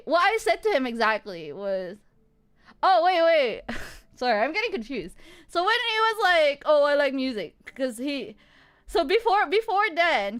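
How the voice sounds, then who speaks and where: A woman streamer telling a story in casual chat, animated, laughing often and swearing freely. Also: high-pitched.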